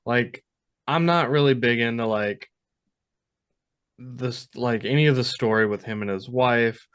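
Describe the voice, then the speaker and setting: A man's voice: mid-range voice, a little slow, a bit bright, clean tone. Chatty man riffing on movies. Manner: chatty, full of 'like' fillers. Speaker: podcast co-host. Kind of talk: casual chat about movies.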